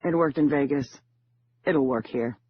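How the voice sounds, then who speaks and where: A man voicing a confident female con artist who speaks smoothly and self-assured. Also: medium pitch, unhurried, highs cut off. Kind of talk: audiobook character voice.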